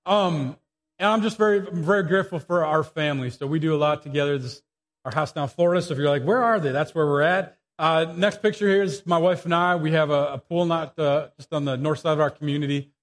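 A man's voice: fairly high pitch, quick pace. A middle-aged man preaching an informal sermon full of personal stories and jokey asides, live in a church. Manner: chatty, animated, jokey asides. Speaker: guest pastor. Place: church sanctuary. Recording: live church audio with long reverb, faint music.

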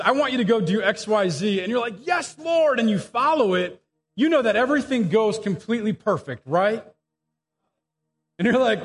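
Middle-aged guy pastor telling stories from the pulpit, chatty and animated, kinda high voice, long church reverb, faint music behind. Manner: chatty, animated, jokey asides. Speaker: guest pastor. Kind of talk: informal sermon with personal stories. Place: church sanctuary.

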